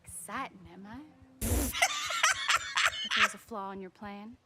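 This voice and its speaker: A woman's voice: mid-range voice, takes it slowly, very noisy, natural voice. An actress voicing an aloof, theatrical young woman stranger with an affected, odd-accented delivery, in video game dialogue. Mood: mannered.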